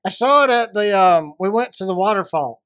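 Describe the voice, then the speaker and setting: A man's voice: sits high, lively intonation, a little fast, fairly bright tone, clean tone, no echo, clean studio sound. A man co-hosting a podcast, joking and laughing in casual banter. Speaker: podcast co-host.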